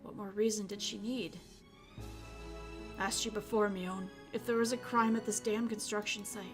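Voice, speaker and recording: A woman's voice: mid-range voice, fairly even intonation, moderate pace, music in the background, lightly acted. Woman voicing brooding teen boy Keiichi. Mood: accusing. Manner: brooding, accusing, then self-blaming. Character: teenage boy, guilt-ridden and bitter. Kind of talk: visual novel read-aloud.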